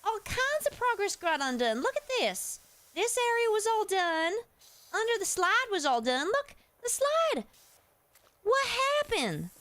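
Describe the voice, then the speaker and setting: A folksy Southern woman gabbing away in a casual stream chat, as a streamer puts her on. Her voice sits fairly high and swoops around a lot, and it stays clean and smooth. She drawls through her stories in a loose, friendly way. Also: expressive, unhurried, a bit bright, dry recording, poor audio. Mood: alarmed.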